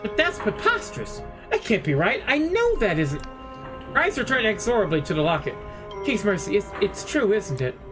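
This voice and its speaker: A man's voice: sits high, wildly swooping pitch, normal speed. A man voicing a prim middle-aged woman librarian who calls people dearie, sweet but guarded. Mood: alarmed, defensive. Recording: game music playing underneath.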